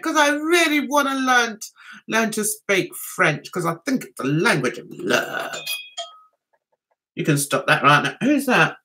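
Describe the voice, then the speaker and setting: A woman's voice: medium pitch, bright, forceful tone. A middle-aged woman hosting a casual livestream chat, chatty and giggling often. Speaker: livestream host.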